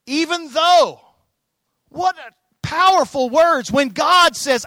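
A man preaching a sermon as pastor, moving from quiet talk to loud, rising preaching. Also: very high voice, lively intonation, slow.

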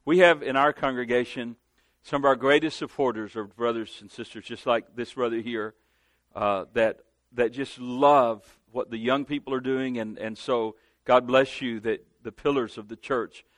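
A man's voice: mid-range voice, fairly even intonation, normal speed, fairly bright tone, no room sound. A man with a Southern US accent preaching as a guest pastor, earnest, calling out for amens and often restarting his sentences. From Southern United States. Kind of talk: sermon. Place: church sanctuary.

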